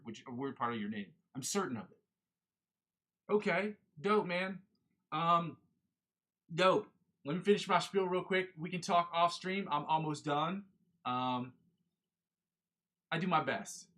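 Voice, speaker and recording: A man's voice: fairly high pitch, expressive, moderate pace, long pauses, a bit bright. A young man hosting a guitar livestream, chatting in a rambling, self-correcting way. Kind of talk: casual livestream chat.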